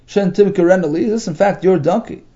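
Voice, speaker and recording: A man teaching a Talmud text, reading out Aramaic phrases and explaining each in English, halting with many fillers. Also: sits high, warm tone. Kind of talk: text study lesson. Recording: dull lo-fi recording.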